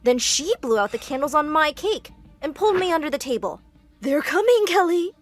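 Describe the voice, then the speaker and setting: A woman narrating a first-person animated story in a brisk, expressive way. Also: sits high, soft background music.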